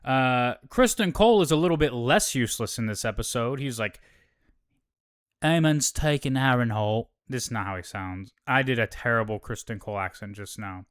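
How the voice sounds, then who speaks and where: A man's voice: mid-range voice, expressive, a little fast, few pauses, a bit bright. A man hosting a casual show recap, talking in a laid-back, profane way with lots of fillers.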